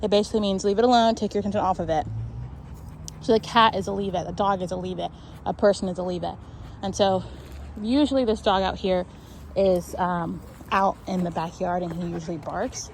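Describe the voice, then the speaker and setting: A woman's voice: lowish voice, steady tone, fairly quick, gravelly, slight background noise, low-quality recording. A woman dog trainer explaining a walk outdoors on a neighborhood street, often checking in with "right?".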